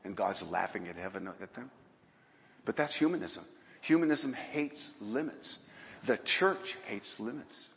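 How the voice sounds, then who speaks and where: A man's voice: low-pitched, big pitch swings, moderate pace, vocal fry. A man preaching a sermon in a folksy way, with bursts of rising emphasis. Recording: dull sound in a hall with long reverb.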